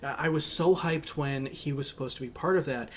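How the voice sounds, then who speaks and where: A man's voice: a little high, fairly quick, slight background noise. A man co-hosting a podcast in casual chat, rambling with many fillers and restarts. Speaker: podcast co-host.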